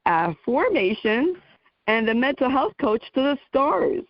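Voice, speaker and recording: A woman's voice: high-pitched, sing-song, a little slow, no room sound. A woman with a New Jersey accent hosting a radio talk show, chatty as she introduces her guest. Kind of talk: radio interview. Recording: dry, dull lo-fi radio audio.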